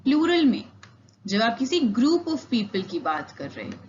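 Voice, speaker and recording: A young woman with an Indian accent gives a recorded grammar lesson, her voice sitting a little high. She explains patiently and keeps checking her students follow along. The recording sounds dull and lo-fi. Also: big pitch swings, racing, a little mellow, a little hiss or hum. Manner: explains step by step, mixing Hindi and English, frequent "okay?" checks. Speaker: English teacher.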